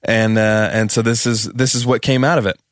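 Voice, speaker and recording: A man's voice: on the low side, flat delivery, a little fast, no echo. Easygoing man on a dry podcast mic. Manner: easygoing, laughs while explaining. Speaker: podcast co-host. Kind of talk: casual chat about studio production.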